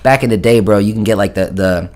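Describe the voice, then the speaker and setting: A man's voice: on the low side, fast talker, darkish tone. A man in his thirties casually telling a long story, profane and rambling, often stopping to correct himself.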